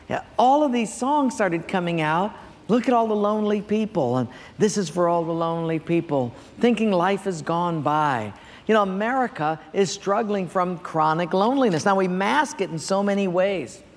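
A pastor preaching a sermon, telling stories with animation and asking the congregation questions. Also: male voice, high-pitched. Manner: animated storytelling, audience questions. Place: church sanctuary. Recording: long church reverb.

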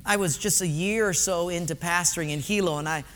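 A man pastor, preaching a sermon with animated storytelling and low emphatic drops. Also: a little fast, in a large hall, a little hiss or hum.

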